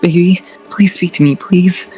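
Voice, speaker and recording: A woman's voice: fairly low pitch, fairly even intonation, measured pace, mellow, soft background music, lightly acted, rough recording. A woman voicing a grieving mother in denial, pleading and desperate.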